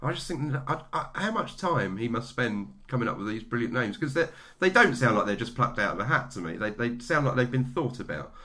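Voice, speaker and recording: A man's voice: medium pitch, sing-song, brisk, few pauses, sharp tone. A man co-hosting a podcast, chatting enthusiastically about a film with many restarts. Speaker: podcast co-host. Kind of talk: casual film-review chat.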